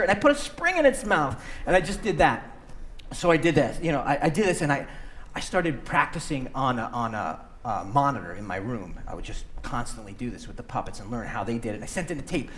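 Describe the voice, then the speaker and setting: A puppeteer giving a stage talk, playful and enthusiastic, bouncing between ideas. His voice is bright and carried on a stage mic in a large auditorium, with faint noise underneath. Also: a little high. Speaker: puppeteer and speaker. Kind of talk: talk to a youth audience.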